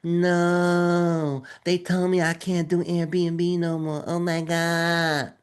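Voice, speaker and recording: A man's voice: a little high, monotone, drawn-out words, clear, resonant tone. A man voicing a panicked adult student, whining and pleading in an exaggerated way.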